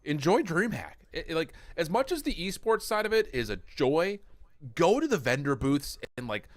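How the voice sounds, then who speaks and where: A man's voice: fairly high pitch, very animated, moderate pace, dry recording. A man casting an esports match in a chatty, joking way, with many fillers as he breaks down the standings. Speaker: esports caster. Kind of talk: esports desk commentary.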